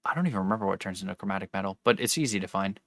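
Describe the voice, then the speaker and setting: A young man casually chats with his live-stream viewers while playing, rambling and correcting himself as he talks to chat. His voice is low-pitched and a bit bright, and he speaks rapid-fire. The recording is dry.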